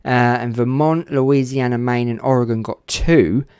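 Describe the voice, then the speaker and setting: A man's voice: unhurried, smooth, no room sound. Chatty man commentating a sim race. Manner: chatty, talks to viewers in chat, gets excited and pitch jumps up. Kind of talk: casual live race commentary.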